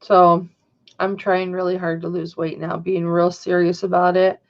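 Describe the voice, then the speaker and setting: A woman's voice: lowish voice, level tone, normal speed, lo-fi sound. A woman hosting a casual livestream, talking in a chatty, rambling way and answering viewers' chat. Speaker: livestream host. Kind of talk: casual chat to a live audience.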